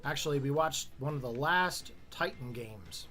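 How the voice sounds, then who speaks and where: A man's voice: mid-range voice, animated, moderate pace, music in the background. A Canadian man streaming a game live, chatting casually and chuckling often in a self-deprecating way. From Canada, northern New Brunswick. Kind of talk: casual live-stream chat while gaming.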